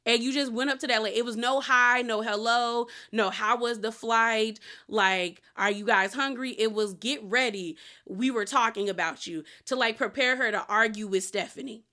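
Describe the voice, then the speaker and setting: A woman giving a casual, opinionated recap of a reality TV episode, full of slang and quick quoted lines. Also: a little high, pushed and bright.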